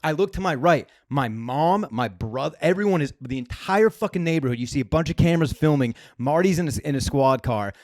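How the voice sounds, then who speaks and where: A young man co-hosting a comedy podcast, telling an animated, profane story in casual chat. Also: a little high, a little fast, hardly any pauses, no room sound, studio quality.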